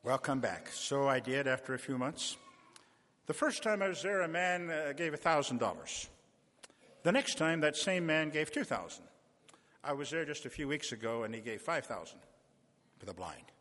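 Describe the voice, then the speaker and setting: A man's voice: on the high side, animated, moderate pace, fairly bright tone. A man preaching as a visiting pastor, making a folksy fundraising appeal to a church congregation with little stories and direct requests. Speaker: visiting preacher raising funds. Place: church sanctuary. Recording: long church reverb.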